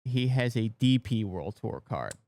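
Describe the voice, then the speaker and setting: A man co-hosting a golf podcast, explaining details in an informative, slightly halting way. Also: on the low side, big pitch swings, darkish tone, no room sound. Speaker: podcast co-host. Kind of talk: casual explanation.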